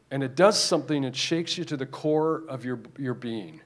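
A man's voice: medium pitch, moderate pace, hardly any pauses. A man preaching a sermon, emphatic and repetitive, often restarting his phrases.

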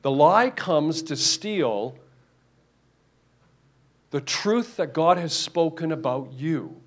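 A man's voice: on the high side, expressive, slow pace. A man preaching a sermon, emphatic and repetitive, often restarting his phrases.

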